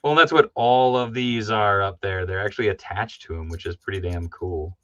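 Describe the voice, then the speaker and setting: A man hosting a livestream, chatting casually about toys in a rambling, excitable way and laughing often. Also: on the low side, moderate pace, no room sound. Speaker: livestream host. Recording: dull lo-fi stream audio.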